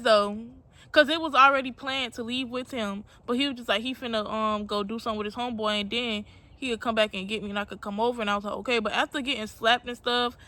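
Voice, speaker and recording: A woman's voice: on the high side, pushed and bright, dry recording. A young woman telling a personal story to her viewers in a casual, slangy, candid way, calling them y'all. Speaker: storytime vlogger.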